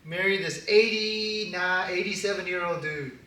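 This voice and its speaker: A man preaching a casual sermon as pastor, animated and quick to laugh at his own jokes. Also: sits high. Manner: animated, laughing, joking asides. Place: church hall. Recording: echoey hall, distant mic.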